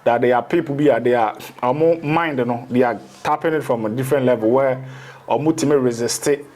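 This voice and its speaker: A man's voice: medium pitch, fairly quick, darkish tone. A man, a spiritual teacher in a casual interview, rambling through explanations and slipping into local phrases.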